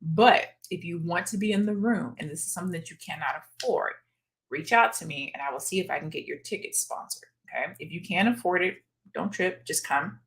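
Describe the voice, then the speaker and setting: Woman host, fairly low voice, casual live-stream chat, direct and talkative with viewers. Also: brisk. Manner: chatty and direct, addresses viewers as y'all. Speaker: host of a live stream about a women's retreat.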